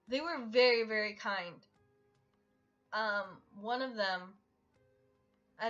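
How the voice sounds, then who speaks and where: A young adult woman telling a personal story in a casual storytime vlog, halting and full of fillers. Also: medium pitch, a bit bright. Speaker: art vlogger. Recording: dull lo-fi audio with faint music.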